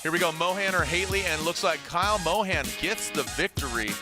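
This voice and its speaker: A man calling live motorsport as play-by-play commentator, excitable and jokey, with slangy banter. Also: a little high, fairly quick, music in the background.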